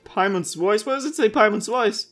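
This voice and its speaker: A woman's voice: mid-range voice, expressive, normal speed, soft background music. A woman commenting casually while playing a video game, wondering aloud and chatting. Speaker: gaming youtuber. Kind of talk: casual let's-play commentary.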